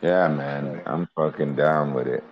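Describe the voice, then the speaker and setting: A man co-hosting a podcast, laid-back and quick to agree. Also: extremely low pitch, dull audio, a crowd in the background. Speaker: podcast co-host. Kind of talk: casual chat.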